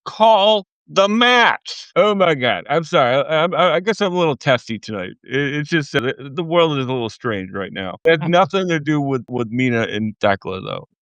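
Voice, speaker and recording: Podcast co-host, male, Boston accent, crisp bright voice, stammery rants, dull lo-fi mic. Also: medium pitch, animated, a little fast, hardly any pauses, no room sound. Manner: rambling and stammering, heated rants. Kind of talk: casual podcast chat.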